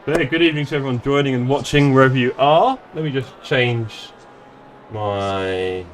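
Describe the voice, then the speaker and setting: A man's voice: mid-range voice, fast, a little hiss or hum. A man chatting casually and joking at his own expense while live-streaming a sim race. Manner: chatty, joking, self-deprecating. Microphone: desktop streaming mic.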